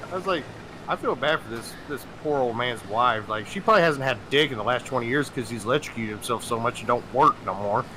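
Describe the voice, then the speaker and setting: A man telling a long story in casual chat, animated and swearing, acting out the people he quotes. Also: mid-range voice, brisk, a little hiss or hum, poor audio.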